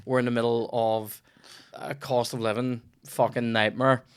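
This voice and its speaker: A man's voice: mid-range voice, flat delivery, moderate pace, clean tone, dry recording, clean studio sound. A young Northern Irish man tells a long, rambling story as the host of a casual chat. He swears freely, restarts his sentences and keeps a middling voice. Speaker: comedian podcast host.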